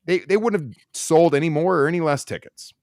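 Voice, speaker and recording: A man's voice: fairly high pitch, a little fast, dry recording, studio quality. A man co-hosting a podcast, giving blunt, sarcastic opinions in a casual chat. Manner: blunt, sarcastic, animated ranting. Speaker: podcast co-host.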